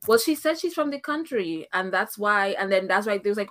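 A woman's voice: medium pitch, brisk, a bit bright. A woman co-hosting a casual reality-show recap, speaking her opinions firmly, thinking aloud and laughing often. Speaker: podcast co-host.

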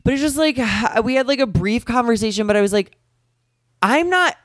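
A man co-hosting a podcast, talking candidly and haltingly, leaning on "like" as he tells a personal story. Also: very high-pitched, dry recording, studio quality. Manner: halting, heavy on filler "like", self-deprecating.

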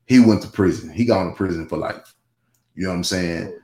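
A man's voice: sits low, brisk, a crowd in the background. A man talking in a casual podcast conversation, rambling with many restarts and asides. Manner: rambling, with many restarts and "you know what I'm saying". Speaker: guest. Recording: roomy echo.

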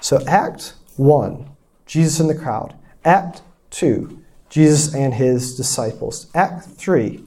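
A man's voice: mid-range voice, animated, slow, dark tone. A man preaching a sermon in a conversational teaching manner, with rhetorical asides and quoted lines done with mock indignation. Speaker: pastor.

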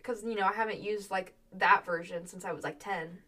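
A young woman co-hosting a podcast in casual chat, telling animated stories full of giggles and acted-out quotes. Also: mid-range voice, a little fast, recorded from a distance. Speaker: podcast co-host.

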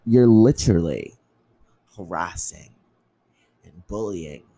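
A man's voice: low voice, expressive, takes it slowly, mellow, no echo, rough recording. A young man hosting a solo podcast, ranting in an impassioned, angry way with lots of swearing. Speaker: podcast host.

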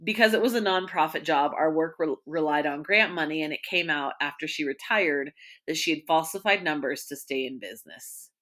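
A woman hosts a casual podcast chat, reading listener stories aloud, laughing at them, and sharing her own work stories. Her low-pitched voice is a bit bright and fairly quick.

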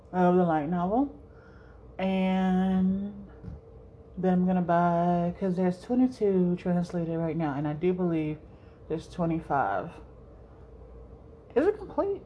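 A young woman hosts a solo podcast, rambling casually, swearing freely and laughing a lot. Her voice is fairly low and mellow, with the highs cut off and a faint hiss or hum in the audio.

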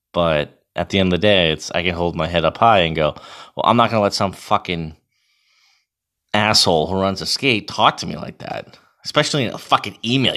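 A man's voice: sits low, a bit bright. A young man from Massachusetts, a beer league hockey goalie, ranting casually to camera with profanity and lots of fillers. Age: young adult.

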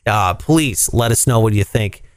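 A man co-hosting a podcast, reading out listener comments in casual chat, animated and jokey, swearing and leaping up in pitch when he argues. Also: a little slow, dry recording.

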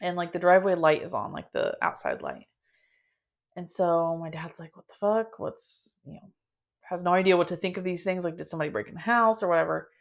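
Low-voiced woman telling a story dramatically. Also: a little fast, gravelly. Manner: dramatic, animated telling with many filler "like"s. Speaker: podcast host. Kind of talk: casual storytelling.

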